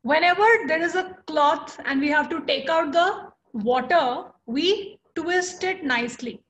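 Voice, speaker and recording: Young Indian-accented woman as encouraging yoga teacher, slow-paced, recorded in a roomy space. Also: sits high, a bit bright, muffled recording, slight background noise. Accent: Indian English. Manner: encouraging, coaching by name, slow cues. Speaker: yoga instructor. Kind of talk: live online chair yoga class.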